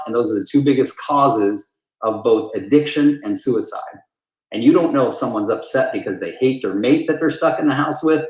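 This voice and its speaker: A man of middle pitch giving earnest, emphatic advice to a live audience, leaning on repeated words to drive points home. His voice carries a roomy echo around it. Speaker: real estate coach. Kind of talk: live town hall talk.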